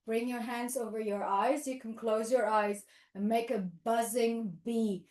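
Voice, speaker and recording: A woman with a fairly high voice guides toddlers through yoga in a playful, sing-song manner. She speaks slowly and drops in animal noises. The sound is roomy and echoey, as if recorded in an open studio. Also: steady tone, a little mellow. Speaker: children's yoga teacher. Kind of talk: leading a playful toddler yoga demo class. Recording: echoey room.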